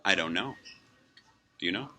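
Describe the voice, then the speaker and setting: Low, bright-toned man in his forties, rambling. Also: expressive, moderate pace. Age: 40s. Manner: rambling, chuckles often, acts out quoted exchanges. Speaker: vlogger. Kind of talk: casual musing to camera. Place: fast-food restaurant.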